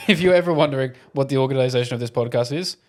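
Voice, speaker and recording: A man co-hosting a podcast, cracking crude deadpan jokes in casual chat. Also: medium pitch, quick pace. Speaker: podcast co-host.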